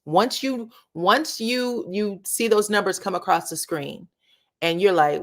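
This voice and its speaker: A woman's voice: medium pitch, measured pace, a bit bright. A woman hosting a casual reality-show commentary, chatting and reading viewer comments aloud. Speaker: commentary channel host.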